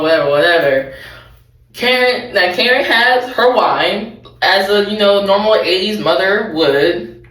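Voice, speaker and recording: A woman's voice: mid-range voice, expressive, a little slow, fairly bright tone, distant mic. A young adult woman recapping a TV show in a casual, rambling way, correcting herself and adding laughing asides. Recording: roomy, off-mic.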